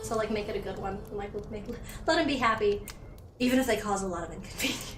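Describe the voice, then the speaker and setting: A woman's voice: mid-range voice, quick pace, reverberant, recorded from a distance, music in the background. A young woman casually commenting on her strategy game play, chatty and sarcastic, swearing now and then. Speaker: gaming streamer. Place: home room.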